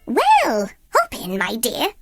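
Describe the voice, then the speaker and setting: Gentle old fairy godmother, hushed and slow, read by a woman. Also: fairly high pitch, wildly swooping pitch, soft background music, heavily acted. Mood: reassuring. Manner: soft, slow and breathy.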